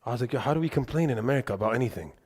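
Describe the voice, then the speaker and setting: A man leads a religious lesson, spinning animated anecdotes at a rapid clip. His voice sits at a middle pitch. It rings out with the long reverb of a large mosque hall. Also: slightly rough. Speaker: religious teacher. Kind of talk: storytelling lesson to a congregation.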